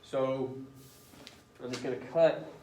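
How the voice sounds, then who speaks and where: A man teaching a writing class in a loose, chatty way, talking himself through cuts to a paper. His voice sits at an ordinary pitch and carries the echo of a classroom. He is heard from some way off the mic. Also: steady tone, slow, mellow, a little hiss or hum. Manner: casual, chatty, thinking aloud while editing. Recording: roomy classroom picked up from a distance.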